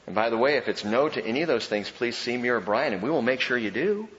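Animated pastor in a reverberant hall. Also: male voice, medium pitch, quick pace. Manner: animated preaching with humorous asides. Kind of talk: sermon. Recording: dull sound with long hall reverb.

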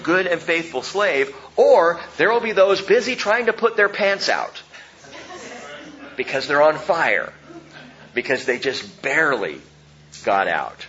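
A male pastor preaching a sermon, animated, swinging between loud emphasis and hushed low lines. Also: highs cut off, slight background noise.

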